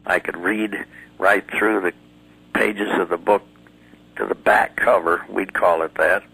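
A man's voice: deep voice, steady tone, measured pace, gravelly, sharp tone, slightly rough, poor audio. A man giving earnest testimony as an interview guest, telling his story vividly and dramatically. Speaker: guest recounting a near-death experience.

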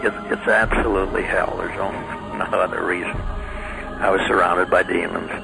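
A man's voice: sits low, little pitch movement, moderate pace, creaky, music in the background, poor audio. A man giving earnest testimony as an interview guest, telling his story vividly and dramatically. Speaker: guest recounting a near-death experience.

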